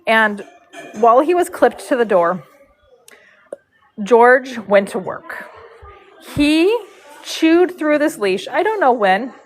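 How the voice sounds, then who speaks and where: A woman's voice: a little high, slow, pauses often, rough recording. Chatty woman telling a story. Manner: animated, rambling, with frequent fillers. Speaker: horse braider and live streamer. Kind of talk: casual storytelling on a livestream.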